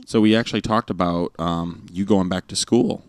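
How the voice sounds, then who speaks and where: A father who hosts a podcast tells casual family stories in a rambling way, full of fillers and restarts. His low, smooth voice keeps a fairly even intonation at a moderate pace. He's recorded close on a studio microphone with headphones, giving a dry sound.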